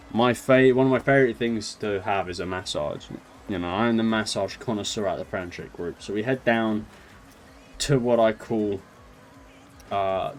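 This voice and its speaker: A young man casually telling a funny holiday story, laughing and mocking himself along the way. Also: on the low side. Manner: chatty, laughs through his story, self-mocking. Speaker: storyteller vlogger.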